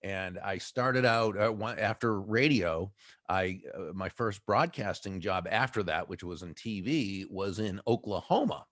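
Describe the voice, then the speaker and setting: A man's voice: fairly low pitch, unhurried, no room sound, clean studio sound. A middle-aged man from the Boston area with a faint Boston accent, an author telling stories as an interview guest and laughing often. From Boston area, USA. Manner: animated storyteller who laughs often. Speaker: author and sales speaker, guest. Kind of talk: casual interview storytelling.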